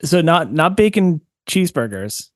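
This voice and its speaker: A man's voice: on the high side, very animated, normal speed, dry recording, clean studio sound. A man from Massachusetts co-hosting a podcast, chatting casually with wry, amused, rambling asides. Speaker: podcast co-host. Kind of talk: casual chat.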